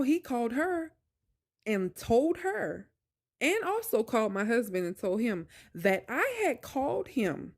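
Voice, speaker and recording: A young woman vlogger telling a personal story in a casual, emphatic, colloquial way, with exasperated asides. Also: fairly high pitch.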